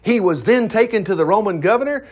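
A man's voice: high-pitched, lively intonation, quick pace, breathy edge. A man leading a casual Bible study, reading scripture aloud and riffing on it in a folksy, conversational way with asides. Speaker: pastor. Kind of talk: informal Bible study sermon.

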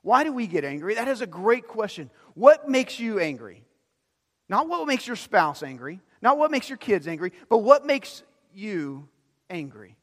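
Middle-aged male pastor, fairly high voice, preaching with loud emphatic swells and soft asides, church hall reverb. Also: very animated. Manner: shifts from loud emphasis to quiet, drawn-out asides. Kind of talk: sermon. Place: church sanctuary.

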